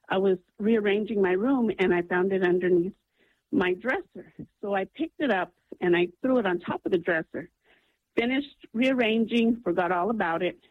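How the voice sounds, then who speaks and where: A woman's voice: medium pitch, no echo. A woman calling in to a radio show, earnestly telling a long personal story with many ums. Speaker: caller. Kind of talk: phone-in storytelling. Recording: tinny phone line.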